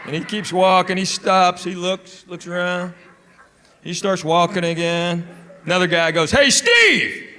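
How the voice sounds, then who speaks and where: A man doing a stand-up routine on a theater stage, telling stories with animated punchlines. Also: high-pitched, measured pace, slight background noise. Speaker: stand-up comedian. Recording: reverberant theater sound.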